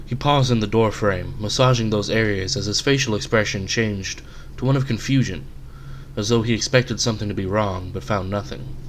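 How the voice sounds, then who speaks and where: A man reading aloud his own short story, in a relaxed, conversational storytelling manner. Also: lowish voice, moderate pace, a little hiss or hum.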